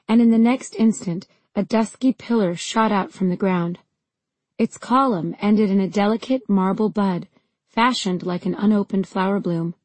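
A woman narrating a fantasy audiobook in the first person, telling the story in a steady, even way. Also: medium pitch, dry recording, poor audio.

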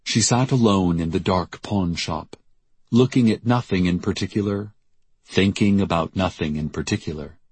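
Deep husky deadpan male narrator. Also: no echo. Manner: measured, deadpan storytelling. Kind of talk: audiobook narration.

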